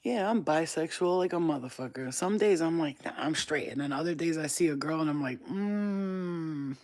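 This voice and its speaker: A woman's voice: deep voice, fairly quick, a little mellow. A woman from upstate New York chatting casually on a livestream, candid, swearing freely and laughing often.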